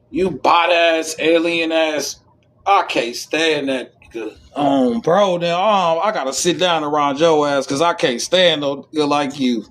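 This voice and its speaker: A man's voice: fairly high pitch, fairly bright tone. A man giving rambling, profane esoteric commentary, reading passages aloud between joking outbursts and mutters. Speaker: channel host.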